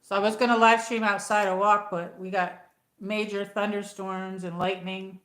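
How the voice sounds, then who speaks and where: A woman's voice: medium pitch, little pitch movement, moderate pace, a bit bright. A woman chats on a livestream from home, rambling from one thought to the next and greeting viewers by name. Her voice sits in a middle range. The room has a noticeable echo around her. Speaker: livestream host. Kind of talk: casual livestream chat. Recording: echoey room.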